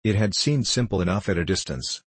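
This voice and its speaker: A man narrating an audiobook in a measured, wry storytelling manner. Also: sits low, animated, breathy edge, no room sound.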